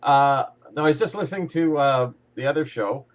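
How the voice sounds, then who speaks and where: A man's voice: medium pitch, a little fast. A man joining a casual hobby livestream as a guest, making dry, offhand jokes.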